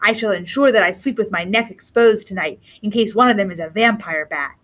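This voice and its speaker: A woman's voice: medium pitch, a little fast, close to an everyday voice. A woman reading aloud, voicing a teasing, know-it-all older brother full of fanciful ideas.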